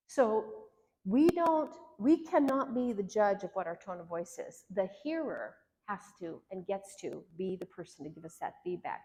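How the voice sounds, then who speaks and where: A woman therapist teaches a workshop on marriage, speaking earnestly and conversationally. She slips into quoted lines now and then to act them out. Her voice sits at a middle pitch and carries a long reverb from a large hall. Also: expressive, moderate pace, warm tone, slight background noise.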